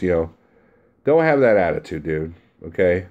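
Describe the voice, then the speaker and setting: A man's voice: low voice, very animated, moderate pace, darkish tone. A man who drives a truck, chatting casually on a live stream and reading out viewer comments in a blunt, chummy way, laughing easily.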